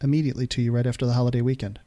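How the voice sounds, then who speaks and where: A man's voice: mid-range voice, flat delivery, very fast, mellow. A man hosting a podcast in a casual, easygoing way, joking with his co-host and reading out articles.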